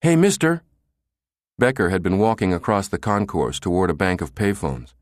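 Deep-voiced guy reading an audiobook, dry close sound, steady. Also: brisk, dry recording. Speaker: audiobook narrator. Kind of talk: audiobook narration.

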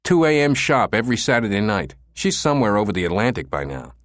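A man's voice: fairly low pitch, big pitch swings, fast talker, dry recording, clean studio sound. A man voicing a crude, cocky young male punk who swears and mocks, in a raised voice. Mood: mocking, brash. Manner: brash, swearing, mocking.

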